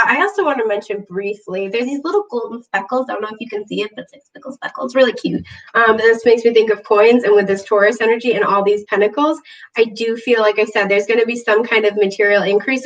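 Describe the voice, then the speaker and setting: A woman giving a casual tarot reading, bubbly and gushing, chatty with lots of fillers, clearing her throat from allergies. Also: mid-range voice, distant mic, low-quality recording. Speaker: tarot reader. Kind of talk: casual spiritual reading to camera.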